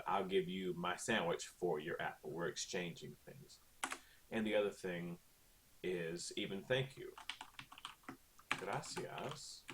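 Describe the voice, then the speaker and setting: A man's voice: sits low, noisy background. A man teaching a recorded Spanish lesson in a chatty way, often checking in with "okay?".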